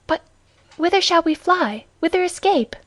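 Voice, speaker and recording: A woman's voice: fairly high pitch, moderate pace, no echo, natural voice. A woman voicing a frightened, secretive young woman in an audiobook, with urgent, pleading questions.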